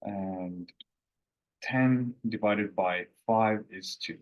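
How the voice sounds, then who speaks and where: A man, teaching a casual language lesson with slow, halting explanations. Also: on the low side, dull audio.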